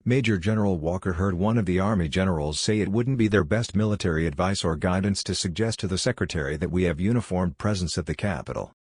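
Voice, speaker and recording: A man reading a government report aloud in a steady, measured way. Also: sits low, slightly rough, dry recording, studio quality. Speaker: report reader.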